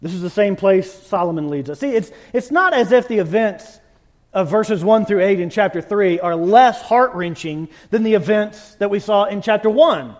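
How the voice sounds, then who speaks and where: A man preaching a sermon, impassioned and emphatic, with sudden loud bursts. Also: high-pitched, expressive, moderate pace. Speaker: pastor.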